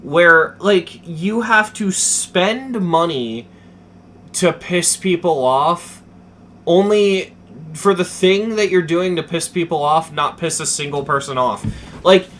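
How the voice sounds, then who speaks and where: A young man chatting casually as a streamer, telling a story with lots of swearing, dropping to mumbles and then getting excited. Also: high voice, slight background noise. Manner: animated, profane, swings between mumbling and excited.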